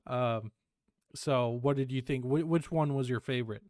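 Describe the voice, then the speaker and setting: Chill young guy podcasting, smooth clear voice, dry close mic. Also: mid-range voice, moderate pace, a little mellow, dry recording. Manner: laid-back, laughs often, swears. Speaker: podcast co-host. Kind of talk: casual podcast chat.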